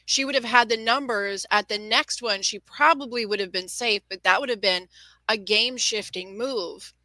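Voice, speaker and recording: A woman's voice: medium pitch, normal speed, sharp tone, dry recording, rough recording. A woman co-hosting a podcast, talking through TV strategy in a thoughtful, analytical way. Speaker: podcast co-host. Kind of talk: casual chat.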